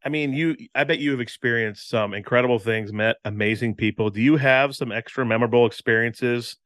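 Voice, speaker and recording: A man's voice: medium pitch, a little fast, fairly bright tone, no room sound. A man hosting a podcast, asking questions in an upbeat, encouraging way and laughing along with his guest. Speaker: podcast host. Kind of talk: casual interview.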